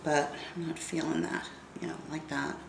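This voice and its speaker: A beauty vlogger in her fifties, sounding stuffy and congested, casually chats with viewers while styling her hair in a get-ready-with-me tutorial. Her voice is deep, flat, and creaky at a moderate pace, in an echoey room with heavy background noise.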